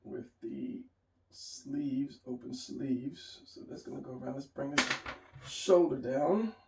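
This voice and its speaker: A man's voice: medium pitch, expressive, takes it slowly, slight background noise. A man giving a casual drawing lesson, rambling and restarting as he draws and talks it through. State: hiccuping. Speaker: drawing teacher. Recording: roomy, mic at a distance.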